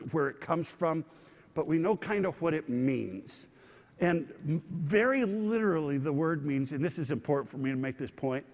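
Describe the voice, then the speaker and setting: A man's voice: on the high side, darkish tone, long reverb tail. A man teaching a sermon in a conversational way, often asking his listeners questions. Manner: conversational, asks the audience questions.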